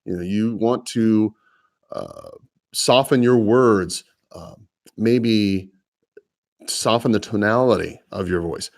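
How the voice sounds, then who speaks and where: A man with a lower voice, a real estate agent hosting a live prospecting podcast, talking in a casual, folksy, rambling way with restarts. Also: big pitch swings, slow pace, vocal fry, pauses often. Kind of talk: live phone prospecting session with coaching asides.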